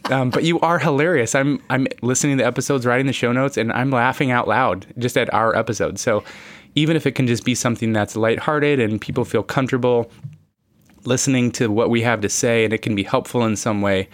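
A man's voice: mid-range voice, a little fast, no room sound. A man co-hosting a podcast, a therapist reflecting earnestly on his work with some playful teasing. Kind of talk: casual chat.

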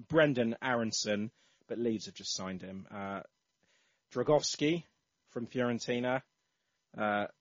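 Male podcast host, breathy tone, dry close sound, slightly dull recording, casual chat. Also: fairly low pitch, dry recording. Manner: reads out listener entries with many fillers.

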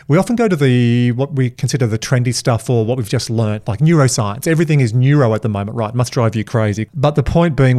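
Male podcast host, mid pitch, emphatic and quick in casual chat. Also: mellow.

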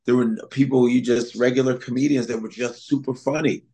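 A man's voice: medium pitch, a little fast, slightly rough. A man who is a comedian, chatting casually in an interview, telling stories with lots of laughter. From Chicago comedy scene. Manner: animated storyteller, slips into impressions, laughs often. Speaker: comedian guest.

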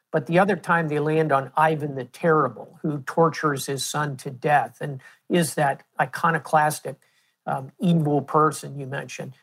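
Give me a man answering interview questions with measured, story-like historical explanations. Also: on the high side. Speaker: guest, political historian.

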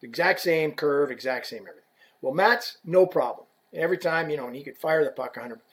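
A middle-aged man telling a lively, profane workplace story in a casual chat, acting out the people he quotes. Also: a little high, brisk. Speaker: guest telling stories from work as a stick rep.

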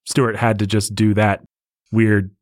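A man with a low voice talks through film history in a relaxed, rambling way. He restarts his sentences often. The sound is dry and close. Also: measured pace, no room sound. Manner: talkative, explanatory, many restarts. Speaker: podcast host. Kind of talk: casual film discussion.

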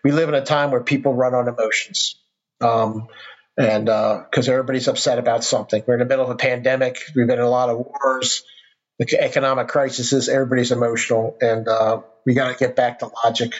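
A man's voice: mid-range voice, little pitch movement, fairly quick. A middle-aged man, a podcast guest, telling a personal story in casual conversation, earnest and rambling with restarts. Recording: dull lo-fi sound.

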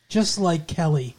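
A man's voice: fairly high pitch, mellow. A man co-hosting a casual podcast, joking around, telling crude jokes and laughing often. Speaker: podcast co-host.

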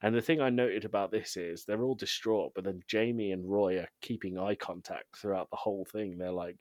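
A man co-hosting a podcast, casually recapping a TV episode with frequent ums and quick laughs. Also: low voice, steady tone, a little mellow, no room sound. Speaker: podcast co-host.

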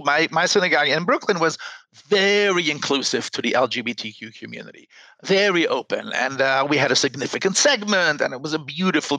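A man's voice: on the high side, pushed and bright, no room sound, low-quality recording. A man speaking as a rabbi in an earnest panel discussion, often repeating words as he starts a sentence. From United States.

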